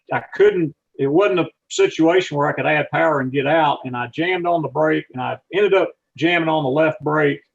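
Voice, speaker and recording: A man's voice: fairly high pitch, vocal fry, muffled recording. A man, an aviator and aircraft mechanic, telling rambling, folksy stories about flying, with frequent restarts. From not from Texas. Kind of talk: anecdotal storytelling talk with slides.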